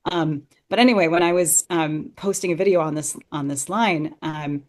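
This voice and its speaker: Earnest woman with a lowish voice. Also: normal speed. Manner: earnest and enthusiastic, thinking aloud. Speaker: podcast guest discussing Shakespeare. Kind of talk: conversational analysis.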